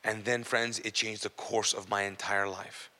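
A man's voice: level tone, normal speed. Man preaching in a reverberant hall. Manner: storytelling, often dropping to a low hushed voice. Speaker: minister. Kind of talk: sermon testimony.

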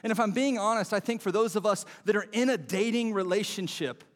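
High-voiced male pastor preaching in a big hall. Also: brisk. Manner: conversational preaching, acts out quoted lines. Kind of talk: sermon.

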